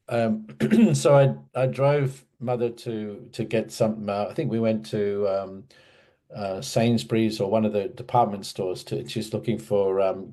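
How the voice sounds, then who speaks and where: A man's voice: fairly low pitch, mellow. A man casually telling a personal memory in an interview, hesitant, with many restarts and fillers. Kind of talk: casual storytelling.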